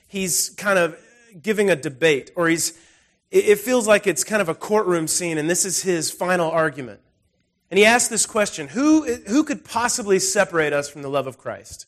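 A man preaching a sermon in a relaxed, conversational way, telling personal stories with frequent restarts. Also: high voice. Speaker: pastor.

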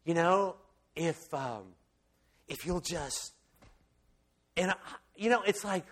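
A man's voice: high-pitched, slow pace. Rambling, filler-heavy man giving Bible talk. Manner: rambling, full of fillers and restarts; enthusiastic storyteller.

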